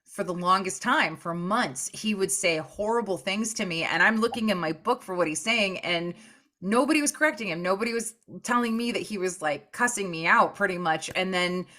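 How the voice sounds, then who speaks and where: A woman's voice: medium pitch, normal speed. A woman podcast host in a casual chat, telling stories with lots of quoted voices. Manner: animated storyteller, jumps into quoted voices.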